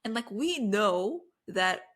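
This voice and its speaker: A woman's voice: medium pitch, moderate pace. A woman co-hosting a podcast, chatting casually and giving playful everyday examples, with a lot of "like". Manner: lively, playful examples, many "like"s. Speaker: podcast co-host.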